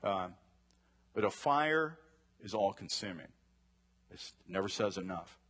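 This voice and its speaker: A man with a lowish, husky voice leads a conversational Bible lesson. He talks casually with his group, tosses them questions, and wanders off into personal asides before pulling back to the text. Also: a bit bright. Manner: chatty, asks the class questions, wanders into side stories. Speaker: Bible study teacher.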